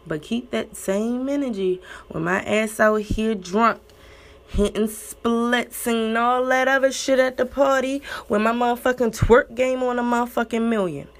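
A young woman talking candidly and profanely about relationships and family, with loud high bursts when she gets worked up. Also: moderate pace, vocal fry. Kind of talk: candid casual monologue.

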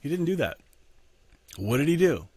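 A man who is a pastor and podcast host, talking in an earnest, reflective way in a candid monologue and slowing down to stress his points. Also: fairly high pitch, sing-song, warm tone, husky, no echo.

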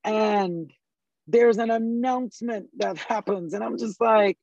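A man with a fairly high speaking voice tells church stories, lively and quick, and often quotes his own thoughts. The sound is dry and a bit dull, with no room around it. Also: vocal fry, dry recording. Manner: lively, talks fast, quotes himself in asides. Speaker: worship leader. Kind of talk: conversational storytelling. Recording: slightly dull, dry recording.

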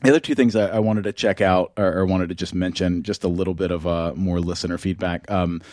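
A man co-hosting a podcast talks in a loose, rambling way, full of ums and restarts. His voice sits on the low side, recorded close and dry with no room sound. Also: fairly even intonation, a little fast, darkish tone, no room sound. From Southern United States. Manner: rambling, many fillers and restarts. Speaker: podcast co-host. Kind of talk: casual chat.

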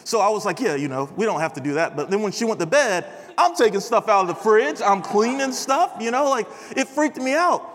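A young man giving a chatty, animated chapel sermon to a large audience, peppered with bro and dude. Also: high voice, brisk, in a large hall. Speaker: chapel speaker. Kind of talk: casual storytelling sermon.

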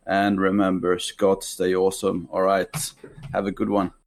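Caller, male, lowish voice, accented English, hesitant with fillers. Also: completely flat delivery, normal speed. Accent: non-native English. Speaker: listener calling in a question.

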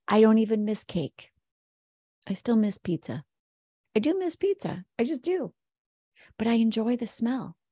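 A woman's voice: mid-range voice, dark tone, dry recording, studio quality. A woman coaching on a faith-based weight loss podcast, speaking earnestly and emphatically, piling up repeated exhortations. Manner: earnest, emphatic, preachy repetition. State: emotional.

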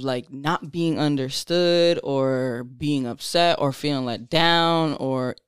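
Young woman podcast host, smooth clear voice, chill reflective slang talk, dry room. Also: sits low, no room sound. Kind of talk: casual podcast chat.

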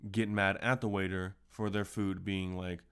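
Casual: guy with a lowish voice ranting on his solo podcast, swearing constantly. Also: level tone, normal speed, fairly bright tone, smooth. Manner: profane, ranting storyteller. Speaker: podcast host.

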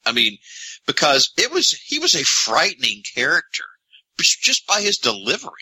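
A man's voice: fairly high pitch, huge pitch swings, normal speed, bright, forceful tone, husky, low-quality recording. A man co-hosting a movie podcast, rambling and restarting as he thinks aloud. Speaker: podcast co-host. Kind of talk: casual podcast chat.

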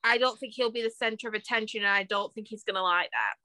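A young woman co-hosting a podcast in casual chat, laughing often and filling pauses with ums. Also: medium pitch, bright, forceful tone, no room sound. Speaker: podcast co-host.

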